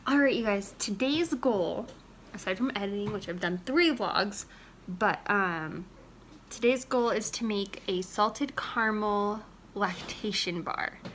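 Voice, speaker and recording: A woman's voice: mid-range voice, unhurried, background noise. A young woman, a mother, chatting casually to the camera at home in a family vlog, rambling on with lots of "and" and "like". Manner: chatty, rambling, strings clauses with "and" and "like". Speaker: family vlogger.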